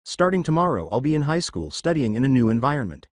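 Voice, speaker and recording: A man's voice: medium pitch, big pitch swings, quick pace, no room sound, clean studio sound, close to an everyday voice. A man voicing an earnest, grateful teenage boy thinking aloud. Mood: reflective.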